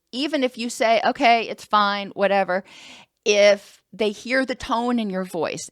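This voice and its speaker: A woman counselor giving a calm, explanatory educational talk, with the occasional um. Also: mid-range voice, no echo, clean studio sound.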